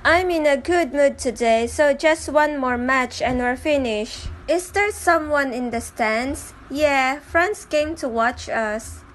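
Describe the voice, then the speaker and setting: A woman dubbing a comic on her own, giving voice to every character and switching between them in quick bits of dialogue. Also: high-pitched. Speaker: fan comic dubber. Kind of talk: fan dub of comics, voicing every character.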